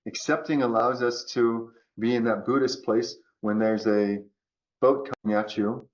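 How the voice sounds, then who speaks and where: A man talking as a podcast guest about choice and resilience, acting out quoted voices in an animated way. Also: mid-range voice, unhurried, highs cut off. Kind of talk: conversational coaching talk.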